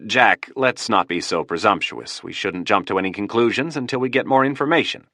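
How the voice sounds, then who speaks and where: A man's voice: mid-range voice, expressive, quick pace, no room sound, studio quality, pitched above the performer's own voice. A man voicing an irritable male chief of staff in an audiobook, snapping and raising his voice. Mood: strained polite. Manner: sharp, snapping, raised voice. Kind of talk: audiobook character voice.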